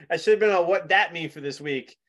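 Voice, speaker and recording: A man's voice: a little high, fairly bright tone. A man co-hosting a podcast, chatty and rambling in casual talk, laughing often. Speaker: podcast co-host. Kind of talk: casual chat.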